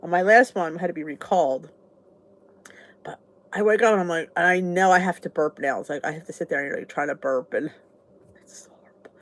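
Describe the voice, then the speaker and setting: A woman's voice: fairly low pitch, a little fast. A middle-aged woman hosting a casual chat, candid and oversharing, laughing often as she talks. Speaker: vlog host.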